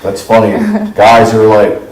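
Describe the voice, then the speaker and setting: Chatty middle-aged man, low voice, roomy echo. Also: flat delivery, a little slow, darkish tone. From New York / New Jersey. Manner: chatty, folksy, laughs at his own stories. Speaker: livestream host. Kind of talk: casual rambling storytelling.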